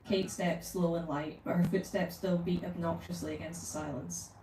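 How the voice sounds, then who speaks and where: A woman's voice: lowish voice, fairly even intonation, moderate pace, mellow, slight background noise. Woman reading aloud in a roomy shop. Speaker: author reading her book. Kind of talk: live book reading. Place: bookshop event room. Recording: roomy room, distant mic.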